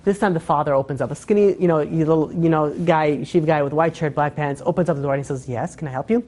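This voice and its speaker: A rabbi tells a story during a sermon with lively energy, acting out its characters amid fillers and restarts. His voice is a little high and his pace quick, with a little hiss or hum in the audio.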